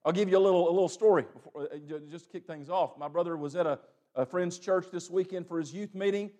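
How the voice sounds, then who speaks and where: High-voiced young preacher man. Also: quick pace. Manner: preaching with sudden loud cries and asides. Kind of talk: sermon.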